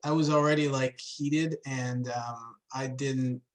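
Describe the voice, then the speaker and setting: A man on a panel giving a hesitant, halting answer to a question. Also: medium pitch, fairly even intonation. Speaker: meteorologist on a panel. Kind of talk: panel discussion.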